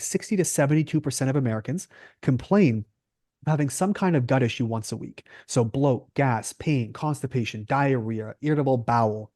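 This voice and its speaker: Canadian man, nutritionist guest, emphatic and questioning, warm tone, dry close sound. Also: medium pitch, no echo. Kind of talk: podcast interview.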